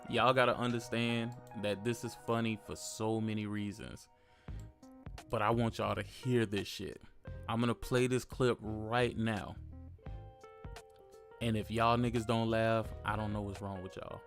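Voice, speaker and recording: Brash, gravelly podcast host. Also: male voice, on the low side, little pitch movement, measured pace, fairly bright tone, faint music behind. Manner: brash and profane, hyping things up. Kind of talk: casual chat.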